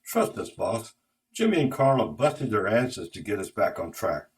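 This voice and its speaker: A man's voice: lowish voice, big pitch swings, normal speed. A man voicing a loyal, upbeat woman office assistant, speaking in a reassuring way, in a spoken story.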